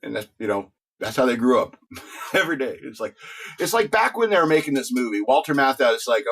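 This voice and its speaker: A middle-aged man hosting his own talk radio show in a loose, rambling way. He jokes around, laughs often and trips over words before starting again. His voice sits at an ordinary middle pitch for a man. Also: very animated, fairly quick, fairly bright tone, husky. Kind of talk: casual talk-radio commentary.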